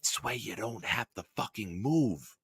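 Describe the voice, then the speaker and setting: A man's voice: fairly low pitch, lively intonation, a little slow, fairly bright tone, breathy edge, no room sound, studio quality. A man hosting a live-stream sports chat, ranting profanely and heatedly, then chatting with viewers. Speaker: host.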